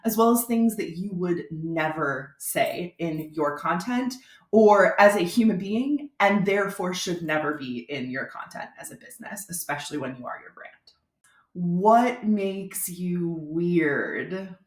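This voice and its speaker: Chatty lady from florida teaching on youtube, lowish voice, echoey room. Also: animated, moderate pace. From Florida, USA. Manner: chatty, conversational, informal. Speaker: brand strategist teaching speakers. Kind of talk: casual YouTube tutorial. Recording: roomy echo.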